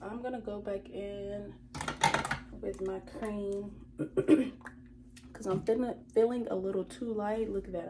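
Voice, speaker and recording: A woman's voice: mid-range voice, fairly even intonation, unhurried, long pauses, dark tone, slight background noise. A young woman, chatting to viewers while doing her makeup. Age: 20s. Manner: chatty, talks straight to viewers as "y'all". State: emotional, close to tears. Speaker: beauty vlogger. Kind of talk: casual makeup tutorial chat.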